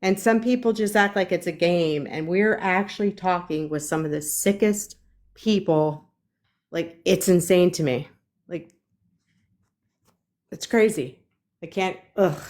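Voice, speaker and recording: A woman's voice: lowish voice, measured pace, long pauses, a little mellow. A woman speaking as a guest on a livestream, emphatic and disgusted. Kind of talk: livestream discussion.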